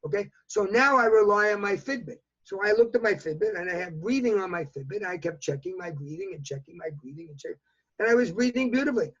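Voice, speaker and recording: Rambling older New man, husky. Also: high-pitched, muffled recording. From New York. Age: 80s. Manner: rambling storyteller, repeats himself, chatty. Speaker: interviewee. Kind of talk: casual remote interview.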